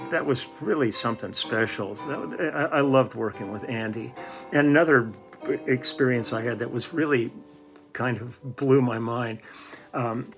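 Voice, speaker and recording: An older man telling stories in a casual, rambling way, with many fillers and restarts. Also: medium pitch. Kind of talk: casual storytelling.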